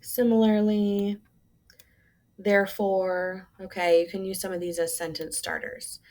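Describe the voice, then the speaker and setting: A woman's voice: medium pitch, flat delivery, measured pace, darkish tone. A woman teacher giving a recorded lesson to students, patient and instructive, with frequent "um" fillers.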